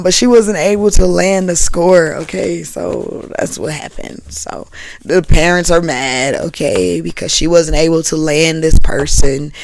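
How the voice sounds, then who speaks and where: A woman's voice: lowish voice, steady tone, unhurried, gravelly, no room sound. A woman giving a casual tarot reading for an online audience, talking loosely and chattily, repeating phrases and checking in with her listeners. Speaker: tarot reader.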